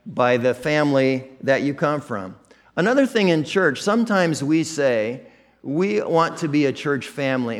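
Male pastor, Midwestern American accent, candid conversational preaching, pitch a touch high. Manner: conversational, self-deprecating, with many restarts. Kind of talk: sermon.

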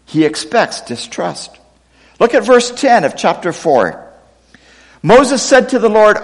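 Lively high-voiced male preacher in hall. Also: slow pace. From United States, raised partly in Pakistan. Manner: expressive, dramatic reading of scripture quotes. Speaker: pastor. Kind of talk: sermon.

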